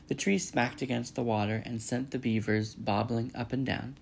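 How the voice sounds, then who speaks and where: A man's voice: mid-range voice, normal speed, vocal fry, a little hiss or hum. A man reading a children's novel aloud, narrating steadily. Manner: steady storytelling. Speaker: reader.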